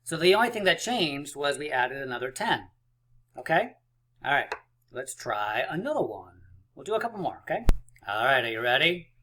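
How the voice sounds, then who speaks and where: A man's voice: a little high, big pitch swings, normal speed, sharp tone. A male teacher leading a counting lesson for young children, encouraging and playful as he counts dots aloud.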